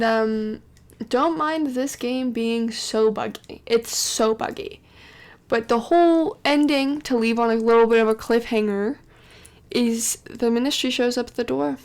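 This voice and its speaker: A young woman talks through her game in a loose, rambling way, dotted with fillers. Her voice sits a touch high and crackles with vocal fry. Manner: chatty and rambling, full of "like" and "um". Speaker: let's play narrator. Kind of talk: casual gameplay commentary.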